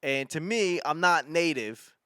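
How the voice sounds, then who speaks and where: A man in his thirties with a smooth, resonant voice tells a story in loose comic style. He swears freely and breaks off mid-sentence to restart it. The sound is close and dry, with no room around it. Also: on the high side, lively intonation, a little slow, bright, forceful tone, no echo. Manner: rambling, profane, self-interrupting. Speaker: stand-up comedian hosting his podcast. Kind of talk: casual comedic storytelling.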